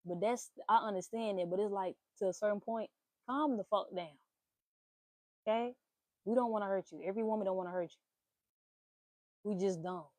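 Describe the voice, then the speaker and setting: A young woman hosting a casual talk stream, giving blunt, profane relationship advice in an animated rant. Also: medium pitch, moderate pace, long pauses, dry recording. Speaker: host.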